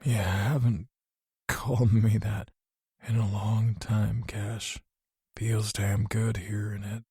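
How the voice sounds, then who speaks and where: A man voicing a weak, gravely ill older father who groans and struggles to get words out from a hospital bed. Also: lowish voice, little pitch movement, takes it slowly, dark tone, dry recording, studio quality, exaggerated voice. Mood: faint tender.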